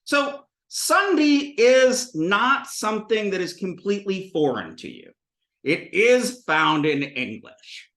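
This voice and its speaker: Animated male teacher with a bright voice. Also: high-pitched, slow, echoey room. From United States. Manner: animated, playful, thinks aloud with restarts. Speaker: Sanskrit teacher. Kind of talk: classroom lecture.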